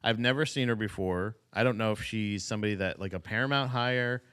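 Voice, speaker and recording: A man's voice: lowish voice, brisk, clear, resonant tone. A man co-hosting a podcast, ranting casually with swearing and laughs. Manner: animated ranting, profane, laughs. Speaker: podcast co-host.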